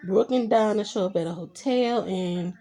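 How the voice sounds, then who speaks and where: With a warm, mid-range voice at normal speed, a young adult woman TV show reviewer casually retells episodes. She keeps adding her own reactions as she goes, full of "I'm like" asides.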